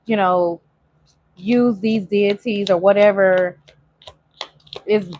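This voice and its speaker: A woman's voice: medium pitch, fairly even intonation, darkish tone, slight background noise. A woman tarot reader, giving a casual, emotional spiritual reading to viewers and stretching some phrases out in a sing-song way. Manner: chatty, emotional, drawn-out sung phrases.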